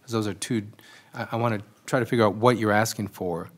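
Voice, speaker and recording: Low-voiced man judge reasoning aloud. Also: fairly even intonation, fast. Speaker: appellate judge. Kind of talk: questioning counsel from the bench.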